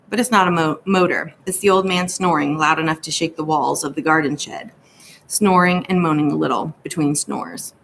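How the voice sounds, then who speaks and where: Low-voiced woman narrating an audiobook. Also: a little hiss or hum. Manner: steady storytelling in a first-person boy's voice. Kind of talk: scripted narration.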